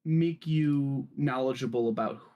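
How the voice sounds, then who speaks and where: A man's voice: medium pitch, measured pace, muffled recording. A man narrating a tabletop role-playing game as game master, in a casual way with many fillers.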